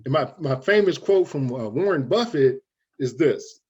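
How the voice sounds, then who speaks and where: A man's voice: medium pitch, animated, normal speed, darkish tone, slightly rough, dull audio. A man as an interview guest giving folksy, preachy motivational talk, often calling his listeners "guys".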